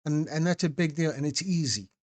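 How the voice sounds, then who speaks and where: A man's voice: on the high side, lively intonation, a little fast, darkish tone. A man hosting a live stream, chatting casually with viewers by name and often restarting his phrases. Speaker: documentary host answering live chat.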